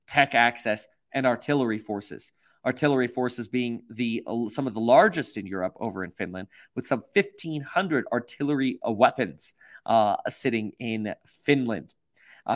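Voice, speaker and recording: A man's voice: mid-range voice, a bit bright. Rambling man reading and commenting on news. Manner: rambling, frequent fillers and restarts, emphatic. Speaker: finance commentator.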